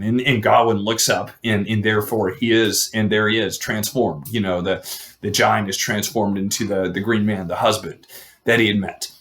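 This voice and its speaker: A man's voice: on the low side, steady tone, moderate pace, fairly bright tone. A man casually retelling an old legend, chatty, full of fillers and joking asides. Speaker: storyteller.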